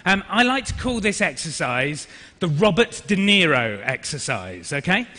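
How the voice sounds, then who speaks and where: A man in his thirties, an actor leading an energetic interactive business workshop and directing the audience. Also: a little high, moderate pace. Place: large conference hall. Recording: reverberant hall.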